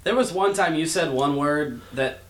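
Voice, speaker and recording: A man's voice: on the high side, normal speed, reverberant. A man co-hosting a podcast in casual banter, teasing his friends and repeating a catchphrase. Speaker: podcast co-host.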